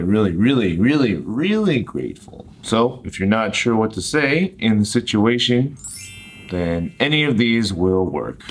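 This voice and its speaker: A low-voiced American man teaches everyday English phrases. He speaks clearly and deliberately and acts out each example line. A faint room hum sits under his voice.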